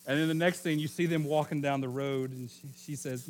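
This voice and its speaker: A middle-aged man from Oklahoma preaching a sermon in a relaxed, conversational storytelling way, joking and correcting himself as he goes. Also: on the high side, brisk, few pauses, slight background noise. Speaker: pastor.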